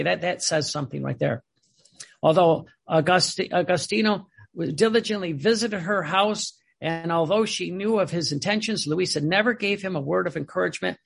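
A man reading aloud and commenting on a spiritual text, telling stories in a digressive, animated way. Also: on the high side, gravelly, breathy edge. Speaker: religious teacher.

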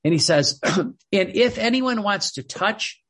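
A man preaching a sermon in an earnest, halting way, often repeating words as he searches for the next thought. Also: high voice, expressive, fairly bright tone, slightly rough.

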